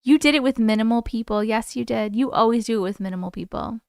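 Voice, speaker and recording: A young woman hosting a casual livestream, chatty and excitable with her viewers and swearing freely. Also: fairly high pitch, quick pace, gravelly, smooth, no echo, studio quality. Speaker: livestream host.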